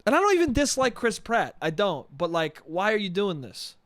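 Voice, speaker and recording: Recorded dry in a clean studio, this podcast host has a high, slightly bright voice with big pitch swings and a normal pace. He's a young man rambling through a profane solo comedy rant, saying "dude" over and over.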